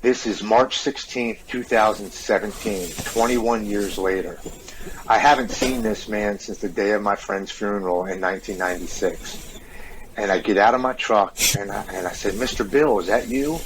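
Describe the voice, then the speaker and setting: Brief: man in his forties, lowish voice, earnest and open storyteller, faint hiss behind. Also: moderate pace, rough recording. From United States. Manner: earnest, open, repeats words when moved. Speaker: podcast guest. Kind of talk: confessional personal storytelling.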